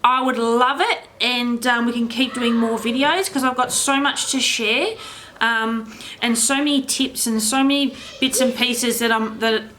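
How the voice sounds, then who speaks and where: A chatty Australian woman with a bright, forceful voice that sits a little high. She rambles along in an easy, self-deprecating way, talking casually to her viewers. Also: steady tone, measured pace, a little hiss or hum. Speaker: reborn doll artist. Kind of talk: casual chat to camera.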